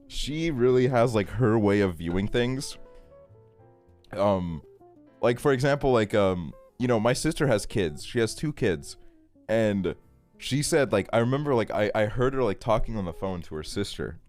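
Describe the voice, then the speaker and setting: A man in his twenties with a lowish, somewhat mellow voice talks casually on a stream, animated but unhurried. He rants with plenty of swearing and laughs frequently, and soft music plays in the background.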